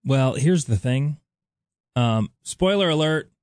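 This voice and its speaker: A man's voice: medium pitch, animated, takes it slowly, a little mellow, no echo, clean studio sound. A young adult man co-hosting a radio morning show, chatting casually and wryly. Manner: chatty, wry, easygoing.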